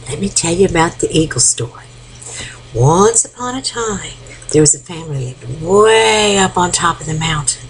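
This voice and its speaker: An older grandmother with a fairly low voice telling an old folk tale, animated and playful, often dropping into a hushed whisper to draw the listener in. The recording is homemade and quiet, with a faint hiss behind her. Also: measured pace, low-quality recording. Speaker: grandmother storyteller.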